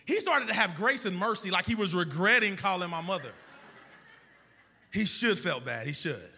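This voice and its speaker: A man with a high, very bright voice preaches in a musical, sing-song cadence. He slips into the voices of the people in his stories as he goes. The sound carries a long reverb, as in a large church hall. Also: big pitch swings, moderate pace, slightly rough. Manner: storytelling with acted-out dialogue. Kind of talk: sermon.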